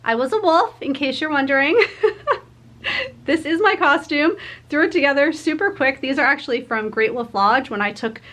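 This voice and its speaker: A woman's voice: normal speed, a bit bright. A woman in her forties vlogging her busy day in a chatty, apologetic way, laughing often. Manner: high, sing-song baby talk to her pets. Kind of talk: casual daily vlog.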